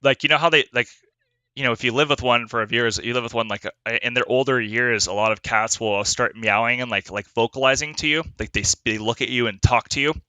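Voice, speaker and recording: A man's voice: mid-range voice, quick pace, pushed and bright, no room sound. A young man co-hosting a podcast in casual chat, rambling with lots of filler words and swearing freely. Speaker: podcast co-host.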